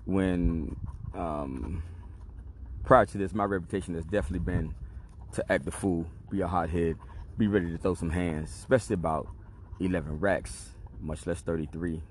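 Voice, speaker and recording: A man's voice: low voice, steady tone, moderate pace, a little hiss or hum. A man hosting a podcast, telling a long personal story in a laid-back, streetwise and profane way. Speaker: podcast host. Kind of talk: casual storytelling monologue.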